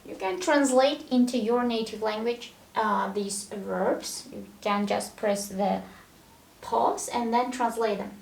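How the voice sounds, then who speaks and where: A woman teaches English verbs at a very slow, careful pace, repeating each form one word at a time and checking in with "all right?" Her voice sits a little high and rings in an echoey room. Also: creaky. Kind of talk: slow, deliberate language lesson.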